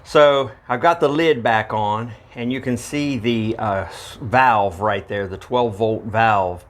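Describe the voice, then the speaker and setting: A man walking through his homestead project in a casual how-to video, rambling and correcting himself as he goes, holding a handheld microphone. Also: on the low side. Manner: rambling, halting, with frequent uhs and self-corrections. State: out of breath. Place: outdoor homestead fodder house.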